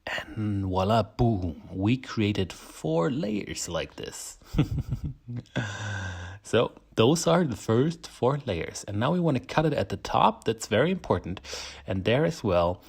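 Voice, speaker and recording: A man's voice: medium pitch, very animated, slow pace, gravelly, husky. A man with a German accent, hosting a casual baking tutorial, chatty and self-deprecating, laughing often. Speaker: home baker, channel host.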